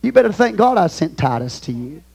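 Fervent Texan preacher, high lively voice. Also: male voice, fairly quick, gravelly, slightly rough. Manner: fervent, swings between booming and hushed, reads scripture aloud. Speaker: pastor. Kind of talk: sermon. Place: church sanctuary.

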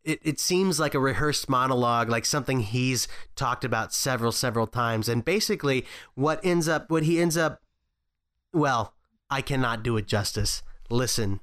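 A man's voice: mid-range voice, normal speed, fairly bright tone, smooth. A man co-hosting a casual film discussion podcast, wry and joking, often restarting his sentences. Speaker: podcast co-host.

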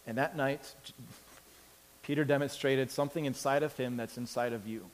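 A man preaching a sermon, telling the story with lively acted-out voices and big swings from loud to quiet. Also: medium pitch, moderate pace, long reverb tail. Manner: animated storytelling, acts out characters with big swings in loudness. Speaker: pastor.

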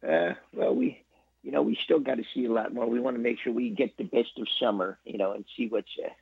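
An older man with a deeply gravelly, husky voice, rambling and chuckling through halting sentences. His pitch swings around a lot. He comes through a dull, dry phone line. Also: lively intonation, no echo. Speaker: regular call-in guest. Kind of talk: comic phone-in chat.

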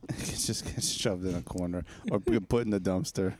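A man's voice: low voice, unhurried, a little mellow, a little hiss or hum. A man hosting a casual chat with friends, swearing often and laughing a lot.

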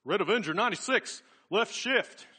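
A man's voice: high-pitched, animated, moderate pace, sharp tone, husky, pitched above the performer's own voice, heavily acted. A man doing a hissing, conspiratorial ward patient. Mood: excited. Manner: hissing, crowing, secretive. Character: muttering hunched male psych ward patient, conspiratorial.

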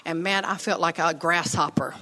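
In a church sanctuary, a middle-aged woman pastor preaches a sermon, casually telling stories that build into bold declarations. Her voice is fairly low and moves at a normal speed, with a little hiss or hum in the recording. She's animated and conversational, her declarations rising as she goes.

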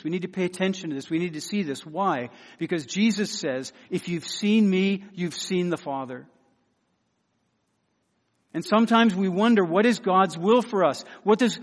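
An earnest man delivering a sermon, his voice sitting a touch high for a man. He leans on repeated phrases for emphasis and sinks into hushed, pleading tones. A long reverb trails each phrase. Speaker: preacher.

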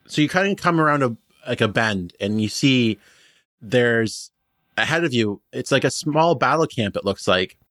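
A man's voice: mid-range voice, expressive, normal speed, a bit bright, no room sound, studio quality. A man narrating a tabletop game as game master, describing scenes in a rambling way with many fillers.

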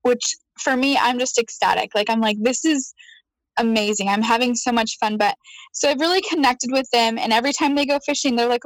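A woman telling a story in casual chat, animated, laughing often and acting out her own quotes. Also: on the high side, normal speed, dry recording, rough recording. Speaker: guest.

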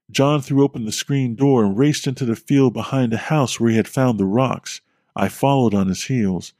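A man telling a scripted horror story as a podcast host, steady and measured. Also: medium pitch, dry recording, clean studio sound.

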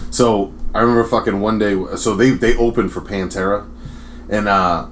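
A man's voice: lowish voice, steady tone, normal speed, slight background noise. A man co-hosting a casual podcast, telling stories and swearing freely. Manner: swears a lot, storytelling. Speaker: podcast co-host. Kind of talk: casual chat.

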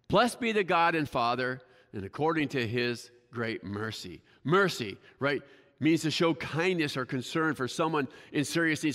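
A man's voice: on the high side, sharp tone. A male pastor preaching a sermon in a church, talking conversationally, often checking in with the congregation and joking at his own expense. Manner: conversational, keeps asking the congregation "right?"; self-deprecating humor. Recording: long hall reverb.

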